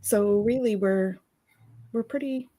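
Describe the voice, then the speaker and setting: A woman's voice: mid-range voice, slow pace, warm tone. A woman co-hosting a live spirituality stream, chatting casually and giggling easily as she rambles. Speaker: co-host of a spirituality live show.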